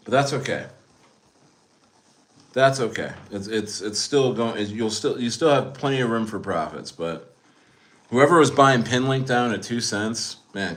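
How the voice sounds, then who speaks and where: A man's voice: on the low side, a bit bright. A man hosting a casual livestream, rambling about coins, repeating phrases and calling his viewers guys. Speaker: crypto streamer.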